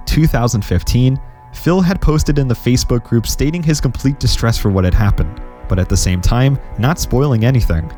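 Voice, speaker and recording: A man narrating a scripted gaming history video in a steady, explanatory way. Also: medium pitch.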